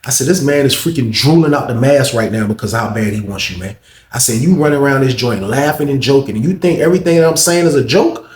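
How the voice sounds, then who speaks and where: A man telling a prison story casually, acting out other voices and getting loud when excited. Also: fast talker. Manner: acts out other people's voices, jumps high when excited. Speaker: storyteller recounting prison life. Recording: echoey room.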